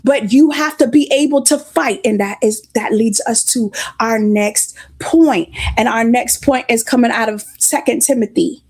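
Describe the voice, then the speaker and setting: A woman delivers a sermon in a high voice, a little congested and sniffling now and then. She preaches in a storytelling way and stops to greet listeners by name. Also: moderate pace, hardly any pauses, a little mellow, slightly rough.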